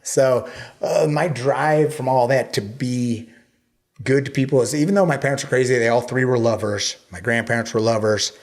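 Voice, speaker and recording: A man's voice: mid-range voice, moderate pace. A middle-aged man, a jiu-jitsu coach, talking candidly and bluntly as a podcast guest, swearing freely. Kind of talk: casual conversation.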